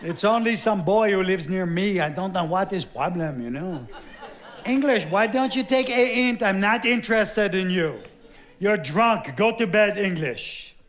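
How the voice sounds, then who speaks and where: A man's voice: sits high, lively intonation, a little slow, fairly bright tone, a faint crowd. A man voicing an aloof, teasing French woman in a stand-up bit, languid and dismissive.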